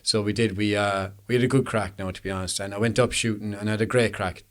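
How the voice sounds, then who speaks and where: A man's voice: fairly low pitch, steady tone, fast. An Irish man hosting a photography podcast, chatting casually and laughing easily, with plenty of Irish slang. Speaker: podcast host and professional photographer. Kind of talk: casual chat.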